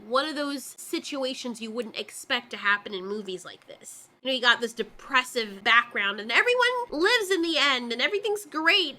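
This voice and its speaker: Woman reacting to a movie: high, lively pitch, bright voice, chatty and quick to laugh. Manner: animated, laughs often, slips into voiced asides. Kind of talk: casual film reaction commentary.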